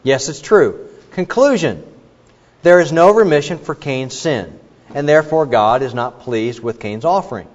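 A man preaching a sermon in an animated, questioning manner, with asides to the congregation. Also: a little high, moderate pace. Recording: dull recording with long hall reverb.

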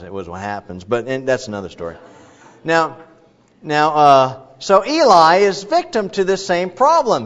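A man preaching an expository sermon in a conversational, digressive way with frequent asides. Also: fairly high pitch. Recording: dull lo-fi recording.

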